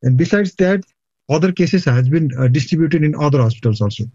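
A man from Nepal, a hospital medical superintendent, answering interview questions haltingly with many fillers. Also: on the high side, expressive, dark tone, dry recording. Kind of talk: phone interview. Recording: dull lo-fi line, dry.

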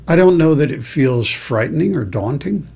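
A man, a pastor, giving candid, slightly halting interview comments. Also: on the high side, animated, creaky, darkish tone, husky.

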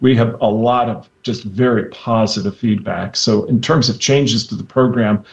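A man who is a state health director, answering interview questions on the radio haltingly, with many ums and uhs. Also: lowish voice, vocal fry, dull audio.

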